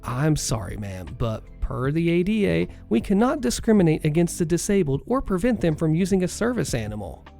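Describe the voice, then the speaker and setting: A steady, firm clinic nurse, as a man reading a story puts her on, only a little above his own pitch and lively in its rise and fall. His gravelly texture carries through, over faint music. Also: fairly quick, hardly any pauses.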